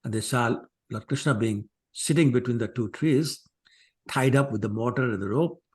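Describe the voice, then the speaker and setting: A man's voice: medium pitch, moderate pace. A man teaching a scripture class, telling the stories in a casual, digressive way and acting out the quotes. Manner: conversational, digressive, acts out quotes. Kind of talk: scripture class lecture with storytelling.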